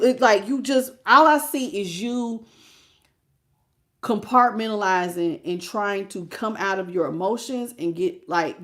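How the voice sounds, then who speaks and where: A woman giving a live tarot reading, animated and chatty, talking straight to her viewers and fighting back tears. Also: medium pitch. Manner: emotional, on the verge of tears. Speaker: tarot reader.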